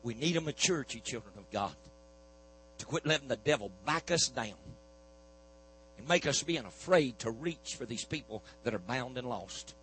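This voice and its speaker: A man's voice: mid-range voice, animated, normal speed, fairly bright tone, slight background noise, rough recording. A man preaching a sermon, telling a healing story in a folksy back-and-forth of "I said, he said". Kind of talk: sermon testimony.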